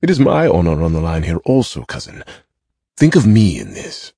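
A man's voice: low-pitched, huge pitch swings, moderate pace, creaky, warm tone, husky, no room sound, studio quality, heavily acted. A man voicing a powerfully built cousin who presses his case insistently. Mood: urging. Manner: insistent, persuasive. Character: broad, forceful older cousin, pressing.

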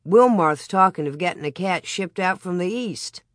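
Woman doing a calm pioneer dad, dry jokes, lowish steady voice. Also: moderate pace, no echo, close to an everyday voice. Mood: matter-of-fact. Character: steady, teasing pioneer father.

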